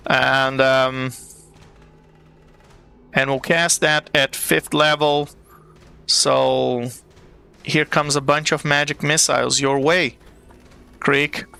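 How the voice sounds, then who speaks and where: A man running a tabletop game as game master, narrating at an easy pace with frequent pauses to think. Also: medium pitch, level tone, creaky, pushed and bright, smooth, faint music behind. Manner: unhurried, with many fillers and restarts.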